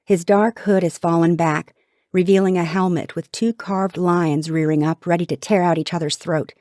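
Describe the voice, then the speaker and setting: A woman reads an audiobook in the first person, with intense, dramatic delivery. Her voice is on the lower side, recorded close and dry on a studio mic. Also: steady tone, normal speed, mellow, dry recording. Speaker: audiobook narrator.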